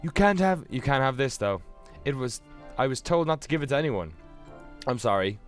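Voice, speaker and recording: A man's voice: medium pitch, animated, normal speed, natural voice. A man voicing a humble, wimpy male bird king who speaks plainly and meekly, over faint game music. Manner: plain, meek and blunt.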